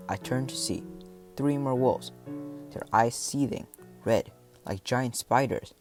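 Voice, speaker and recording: A man reading a first-person adventure story aloud, with dramatic delivery and voiced shouts and animal sounds. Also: medium pitch, a little slow, soft background music. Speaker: audiobook narrator.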